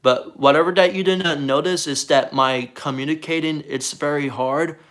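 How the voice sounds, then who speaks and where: A man from Puerto Rico talking casually on a live stream, rambling and halting, often repeating words as he restarts sentences. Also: on the high side, steady tone, a bit bright. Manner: defensive, earnest.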